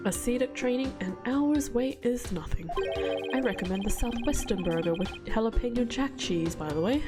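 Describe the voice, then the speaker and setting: A woman's voice: a little high, animated, moderate pace, close to an everyday voice. A woman voicing a formal, courteous male prosecutor from a video game, reading with stiff politeness. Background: game music.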